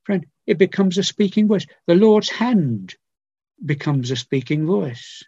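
An older man preaching a sermon, earnest and pleading, with repeated phrases and long pauses. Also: high-pitched, lively intonation, dark tone, slightly rough, no room sound. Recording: dull lo-fi recording.

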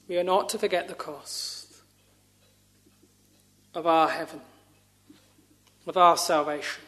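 Male preacher, high voice, unhurried and solemn, dropping to a hush now and then. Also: fairly even intonation. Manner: slow, solemn, measured preaching with long pauses. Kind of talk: sermon.

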